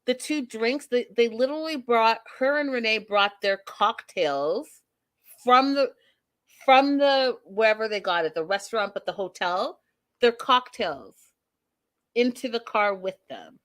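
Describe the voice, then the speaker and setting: A woman hosting a casual recap show in a fairly high voice. She talks bluntly and sassily and swears freely. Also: lively intonation, unhurried. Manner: blunt, sassy, profane. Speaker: host.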